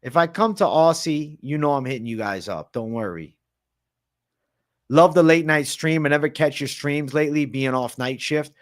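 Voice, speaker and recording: A man's voice: on the high side, normal speed. A man hosting a casual late-night livestream Q&A, chatting in a laid-back, slangy way and answering viewers. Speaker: MMA livestream host.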